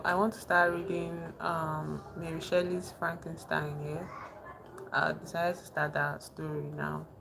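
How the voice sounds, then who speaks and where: Slow, soft-spoken woman streamer. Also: fairly low pitch, gravelly. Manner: soft-spoken, thanks chat warmly, says she is very emotional. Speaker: live streamer. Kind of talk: casual live-stream chat. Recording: noticeable background noise.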